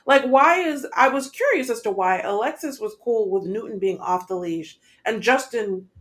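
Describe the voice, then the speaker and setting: A woman with a slightly high voice that swings widely in pitch chats casually about a reality episode. She comments expressively and often sounds exasperated. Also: expressive, normal speed, a bit bright. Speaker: podcast co-host. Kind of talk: casual recap chat.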